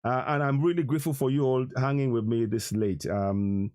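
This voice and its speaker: A man's voice: medium pitch, steady tone, normal speed, darkish tone, smooth. A Nigerian man hosting a live stream, talking earnestly and emotionally in a rambling way, with many restarts. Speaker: live stream host taking calls. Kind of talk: casual live-stream talk.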